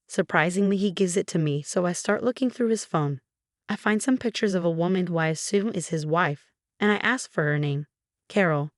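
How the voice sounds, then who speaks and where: Woman, story narration, low pitch, even and steady, dry close sound. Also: no echo. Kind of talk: scripted first-person story narration.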